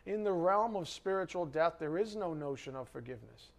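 A man's voice: a little high, animated, brisk, creaky. A male pastor preaching a sermon to his congregation in a church hall, firing questions at them and rising sharply when worked up.

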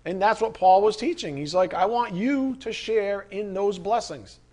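A man preaching a sermon, conversational and animated, asking the listeners rhetorical questions. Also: high voice, normal speed. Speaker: pastor.

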